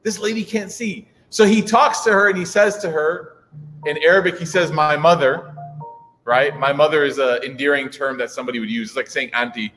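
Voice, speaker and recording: A man's voice: fairly high pitch, fairly quick, bright, forceful tone, soft background music. A man in his thirties giving a humorous religious talk to an audience, chatty, with joking asides and many fillers. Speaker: preacher. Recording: reverberant hall.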